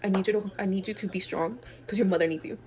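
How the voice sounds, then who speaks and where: A woman's voice: mid-range voice, fairly even intonation, fast talker, a little mellow, natural voice. A woman quoting a blunt, protective aunt. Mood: firm.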